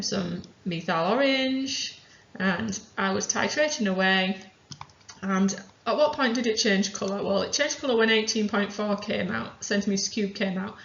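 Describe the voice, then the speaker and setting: A woman's voice: mid-range voice, fairly bright tone, highs cut off. Methodical woman teaching chemistry, roomy sound. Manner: methodical, talks through each step aloud. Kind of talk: worked-example lesson.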